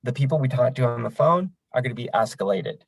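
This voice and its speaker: A man's voice: medium pitch, lively intonation, quick pace, vocal fry, breathy edge, dry recording, low-quality recording. A man running a crisis line training session in a conversational, folksy way, with frequent fillers. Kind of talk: training lecture.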